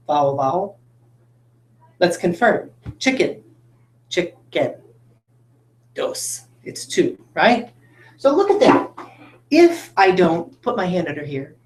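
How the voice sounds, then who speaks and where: In a classroom, a woman teacher leads children through a phonics lesson, demonstrating words and speaking to them directly and encouragingly. Her voice is lowish and reverberant.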